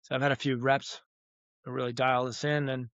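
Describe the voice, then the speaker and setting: A man speaking as a podcast guest, talking earnestly and reflectively with frequent pauses and vivid comparisons. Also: medium pitch, flat delivery, fairly bright tone, no room sound, dull audio. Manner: earnest, uses metaphors, many "uh" pauses. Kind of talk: reflective interview talk.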